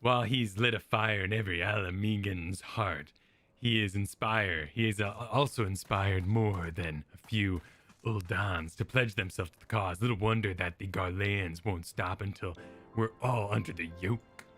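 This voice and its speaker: A man voicing a swaggering, muscular male rebel with a low drawl in a game read-along. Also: normal speed, fairly bright tone, faint music behind. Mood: cocky.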